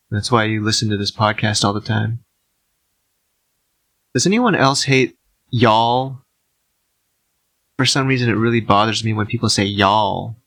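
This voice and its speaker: A young man hosting an ASMR podcast, rambling slowly and quietly with wry asides. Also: vocal fry, dry recording. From United States, outside the South. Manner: slow, low-key rambling with wry asides. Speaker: podcast host. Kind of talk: soft-spoken ASMR podcast monologue.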